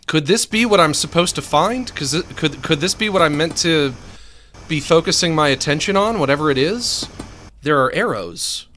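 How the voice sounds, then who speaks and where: Male streamer, lively pitch, chatty and laughing, quiet noise under the voice. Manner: animated, laughs often, mutters to himself while playing. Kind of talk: casual rambling commentary while gaming.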